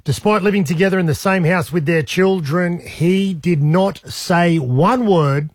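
A man's voice: sits high, a little slow, dry recording. An Australian man hosting a breakfast radio show, chatting and telling jokey stories in a studio. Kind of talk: casual radio banter. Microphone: studio mic with headphones.

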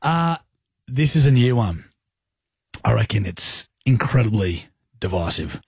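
Man, Australian accent, thirties, husky, dry studio sound, joking radio co-host. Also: on the low side, big pitch swings, unhurried, dry recording. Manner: joking, laid-back, slangy. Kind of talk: casual on-air banter. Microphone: studio broadcast mic.

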